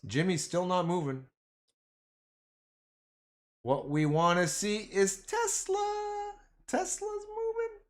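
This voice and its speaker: A man chatting casually through a trading livestream, rambling and excitable, calling his viewers "boys" and "man". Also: high voice, slow pace, long pauses. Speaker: stock trading streamer. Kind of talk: casual livestream chat over charts.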